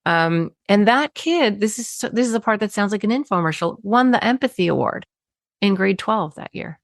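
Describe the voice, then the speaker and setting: A woman, a parenting expert telling stories in an interview, animated, acting out quotes and laughing often. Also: mid-range voice, moderate pace, vocal fry, no echo, clean studio sound. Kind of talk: conversational storytelling interview.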